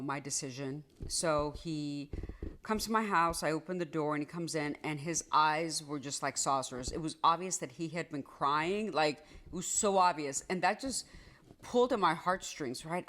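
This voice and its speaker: Woman telling a storytime, animated. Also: low-pitched. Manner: animated, acts out quoted dialogue. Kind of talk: casual storytime monologue.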